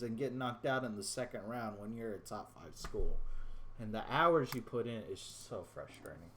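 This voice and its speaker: A man's voice: mid-range voice, lively intonation, normal speed, fairly bright tone. A man ranting to his viewers in casual gameplay commentary, frustrated, swearing and rambling, calling them "boys". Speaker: gaming YouTuber.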